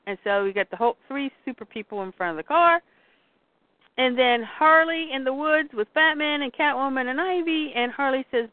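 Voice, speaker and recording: A woman's voice: sits high, moderate pace, no room sound. A woman hosting a podcast, casually retelling a comic story and acting out the characters' lines. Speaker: podcast host. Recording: dry, tinny phone-like line.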